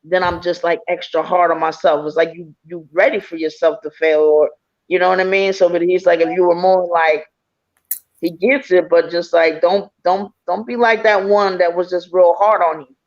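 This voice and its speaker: A woman's voice: fairly low pitch, fairly even intonation, normal speed. A woman psychic medium giving an encouraging, rambling spiritual reading full of fillers. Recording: slightly dull stream audio.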